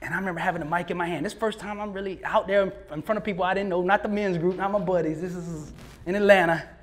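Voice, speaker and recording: A man speaking as a motivational speaker, telling a story live in a lively, slangy way, often laughing and acting out what others said. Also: high-pitched, fast talker.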